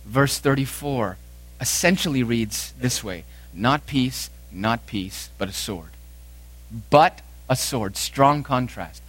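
A man's voice: medium pitch, lively intonation, takes it slowly. Emphatic male preacher with dramatic delivery. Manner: emphatic preaching with dramatic swings in loudness and repetition. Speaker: pastor. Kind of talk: sermon.

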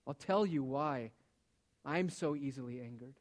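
Preaching a sermon in an unhurried, mid-range voice, a man speaks emphatically and poses pointed rhetorical questions, letting his phrases trail off softly.

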